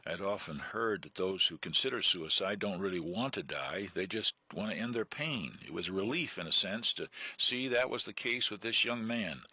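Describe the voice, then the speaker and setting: A man hosting a program, reading a book aloud in a steady, earnest way. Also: low voice, normal speed, few pauses, breathy edge, no room sound. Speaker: radio program host.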